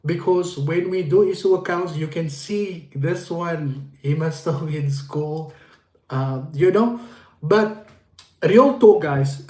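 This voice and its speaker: A man's voice: a little high, darkish tone. Rambling man live on a phone, echoey. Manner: greets viewers by name, rambling and repetitive. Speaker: livestream host. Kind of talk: casual livestream chat. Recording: echoey room.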